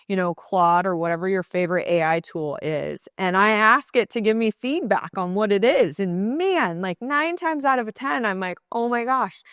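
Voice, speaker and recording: A woman, speaking in a slightly low voice. She talks earnestly and conversationally in a solo podcast, with a dry, close recording and no room sound. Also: clean tone, no echo. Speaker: podcast host. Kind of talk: solo motivational podcast talk.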